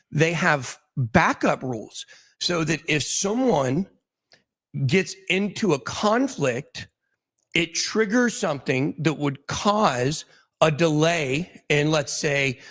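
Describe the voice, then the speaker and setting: Rambling higher-voiced man hosting. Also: fairly bright tone. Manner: rambling, many restarts and fillers. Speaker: host. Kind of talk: casual speculative talk.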